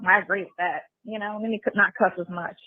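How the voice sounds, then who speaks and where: A woman's voice: medium pitch, steady tone, fast, dry recording. Woman, casual rambling talker, heard over a dry, tinny phone line. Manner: rambling, acts out other voices, swears freely. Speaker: livestream guest on a phone call.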